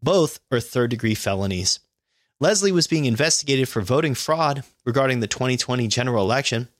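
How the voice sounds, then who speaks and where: A man's voice: mid-range voice, expressive, a little fast, dry recording. Man, podcast co-host, sarcastic, swears, laughs a lot, dead dry sound. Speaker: podcast co-host reading news. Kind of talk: casual news commentary.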